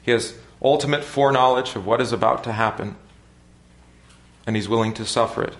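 A man's voice: medium pitch, a bit bright. Man preaching in an echoey space. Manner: measured, earnest preaching with deliberate pauses. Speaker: pastor. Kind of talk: sermon.

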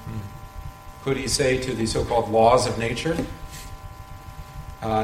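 A man's voice: medium pitch, fairly even intonation, a little slow, long pauses. A man leading an informal Bible study, talking conversationally, asking rhetorical questions and chuckling often. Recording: roomy echo, faint background noise.

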